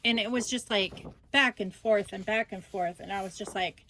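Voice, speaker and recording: A woman's voice: mid-range voice, normal speed, few pauses. An older woman and grandmother, hosting a scrapbooking channel, rambling through a family story in a casual vlog. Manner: rambling, animated retelling of a family argument.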